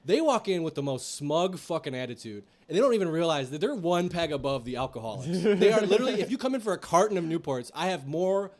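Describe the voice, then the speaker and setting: A man's voice: on the high side, very animated, quick pace, hardly any pauses. Profane rambling man telling stories. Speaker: podcast co-host. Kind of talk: casual storytelling chat.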